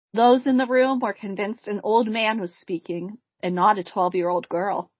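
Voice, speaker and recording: A woman co-hosting a podcast, telling a haunting case in a measured casual way among friends. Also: medium pitch, no room sound. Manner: reads the story in a measured way, breaks into laughter. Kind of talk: casual storytelling chat. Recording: dull, slightly lo-fi podcast mic.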